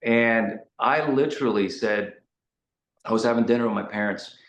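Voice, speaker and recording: A man, a guest rock singer, telling casual interview anecdotes in a rambling, animated way with lots of fillers. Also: lowish voice, moderate pace. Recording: roomy echo.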